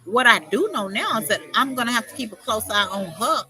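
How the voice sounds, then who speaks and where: A woman's voice: on the high side, animated, brisk, bright, forceful tone, low-quality recording. A woman hosting a livestream, scolding someone in a confrontational, profane, unscripted rant. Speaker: livestream host.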